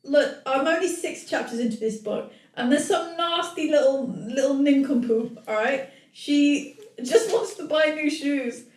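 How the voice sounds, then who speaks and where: Brief: young woman, podcast co-host, sarcastic and crude, higher voice, echoey room. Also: measured pace, far from the mic. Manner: crude, sarcastic, animated storytelling. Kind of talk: casual chat. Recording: echoey room, voice a bit off-mic.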